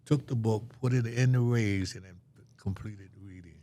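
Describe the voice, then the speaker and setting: A man's voice: fairly low pitch, moderate pace, dark tone. An older man telling a story as an interview guest, acting out the voices of the people in it.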